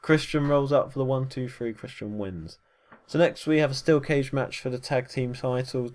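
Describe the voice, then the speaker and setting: A man's voice: medium pitch, a little mellow. A man giving a casual, rambling recap of wrestling matches, full of fillers and self-corrections. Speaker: wrestling show reviewer.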